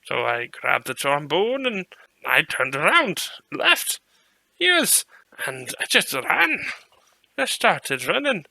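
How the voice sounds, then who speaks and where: A man's voice: a little high, wildly swooping pitch, takes it slowly, vocal fry, pushed and bright, dry recording, heavily acted. A man voicing Poro, a cheeky male mutant reindeer who spins a rambling tale in a put-on Scottish-style brogue. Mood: boastful yarn. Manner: chatty, folksy, rolls through a tall tale. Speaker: player. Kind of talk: in-character tabletop storytelling.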